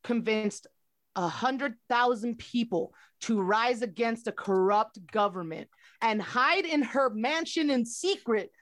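A woman's voice: on the high side, slow, no room sound, clean studio sound. A woman co-hosting a casual podcast, arguing passionately and repeating herself for emphasis. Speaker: podcast co-host. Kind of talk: casual chat.

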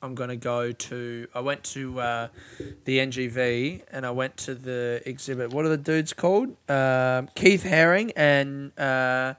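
A man's voice: mid-range voice, measured pace, fairly bright tone, smooth. A young Australian man telling a rambling, sweary comic story about waiting for money.

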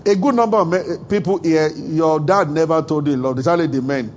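A man's voice: on the high side, brisk, lo-fi sound, slight background noise. A man from Africa, a pastor preaching a sermon at a church service, chuckling often and acting out bits of dialogue. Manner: humorous, chuckling often, acts out quoted dialogue.

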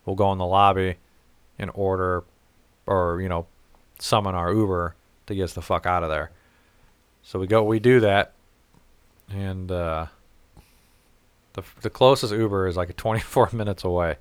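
A man's voice: low voice, steady tone, normal speed, long pauses, clear, resonant tone, dry recording. A man telling a rambling, profane story in casual chat. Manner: rambling, profane, laughs at his own story.

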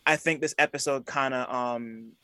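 A man's voice: mid-range voice, steady tone, moderate pace, pushed and bright, no room sound. A man chatting casually as a podcast panelist, hesitant, with many fillers while he builds a point. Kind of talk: casual chat.

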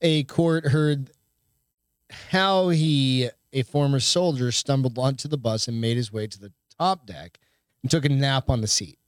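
A man's voice: medium pitch, measured pace, smooth, no room sound. A man co-hosting a podcast, reading a news story aloud in a loose, joking way. He swears freely and stumbles over the text now and then. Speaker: podcast co-host.

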